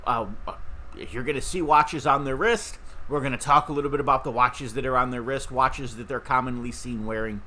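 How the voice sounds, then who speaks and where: Middle-aged man, podcast host, bright tone, chatty and rambling, faint background noise. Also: mid-range voice, steady tone, brisk. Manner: rambling, chatty, with fillers and restarts. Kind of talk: casual talk to camera.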